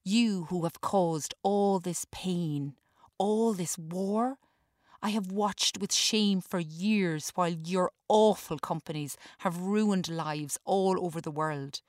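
A woman's voice: lowish voice, measured pace, no echo, clean studio sound, lightly acted. A woman voicing a fierce, protective young mother. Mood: ferocious. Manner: ferocious, then quieter and pleading.

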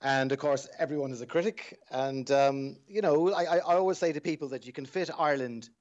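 Voice coach explaining over a dull phone line. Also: male voice, mid-range voice, darkish tone. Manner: measured, explanatory. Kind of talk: phone-in interview.

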